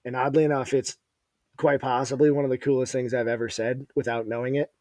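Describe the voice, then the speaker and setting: A man in his thirties telling a story in a casual chat, animated and profane. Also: medium pitch, a little fast, no room sound. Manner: animated, profane, acts out quotes. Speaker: podcast guest.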